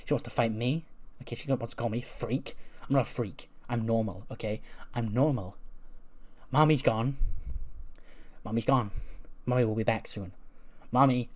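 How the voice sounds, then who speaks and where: An eerie, unhinged young female wrestler who repeats the same words, as a man voices her. The delivery is a touch quiet and near his plain voice. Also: medium pitch, moderate pace, pauses often, natural voice. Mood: fixated. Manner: repetitive, fixated.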